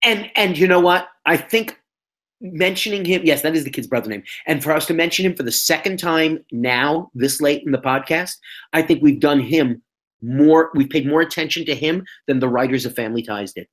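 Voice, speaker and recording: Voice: medium pitch, normal speed. A podcast host in casual chat, blunt and exasperated, swearing and mocking the lines being quoted.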